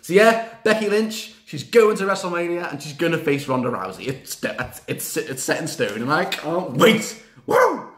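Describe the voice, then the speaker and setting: A man chatting casually in a fan reaction video, rambling with fillers and repeated words and breaking into excited cheers. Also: fairly high pitch, moderate pace, few pauses, reverberant. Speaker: wrestling reaction vlogger.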